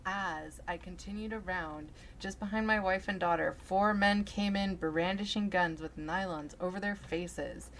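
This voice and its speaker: A woman with a fairly low voice reads a story aloud, taking each line deliberately and dramatically. A soft hiss sits faintly under her voice. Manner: deliberate, dramatic reading with muttered asides. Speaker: story reader.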